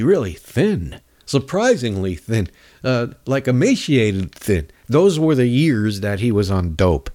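A man's voice: medium pitch, a little mellow. Sarcastic ranting man, stuffed up. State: stuffed up with a cold. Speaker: podcast host. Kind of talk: political commentary rant.

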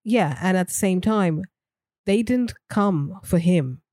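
A woman co-hosting a podcast, chatting about a movie in a calm, agreeable, measured way. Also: lowish voice. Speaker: podcast co-host. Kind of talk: casual movie chat.

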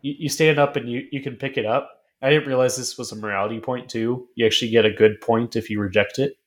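Brief: mid-pitched man, podcast co-host, halting, filler-heavy recap talk. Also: steady tone. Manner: halting, repeats "like" while thinking. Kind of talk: casual chat.

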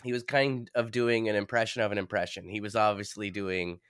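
A man's voice: on the low side, flat delivery, fairly quick, fairly bright tone, clean tone, dry recording, studio quality. Profane, blunt man recapping a movie. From New England. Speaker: podcast co-host. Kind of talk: casual chat.

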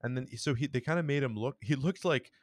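A man co-hosting a casual podcast chat, giving blunt, wry criticism with halting restarts. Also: medium pitch. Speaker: podcast co-host.

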